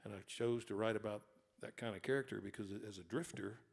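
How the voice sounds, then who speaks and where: A man's voice: on the low side, quick pace, creaky, husky. A man, an author and singer-songwriter, telling folksy, rambling stories between songs at a live concert hall. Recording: long hall reverb with guitar.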